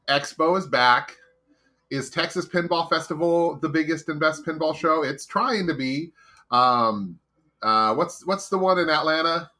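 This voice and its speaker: Bright-voiced blunt man chatting. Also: fairly high pitch, moderate pace. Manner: blunt, profane, rambling opinions. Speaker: podcast host. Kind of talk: casual chat.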